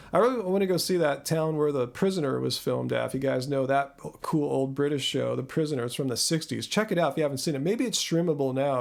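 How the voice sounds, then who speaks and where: Guy hosting a live q&a, kinda high voice with lots of fry, rambly and self-deprecating. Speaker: channel host. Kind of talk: live Q&A chat. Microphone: close studio mic.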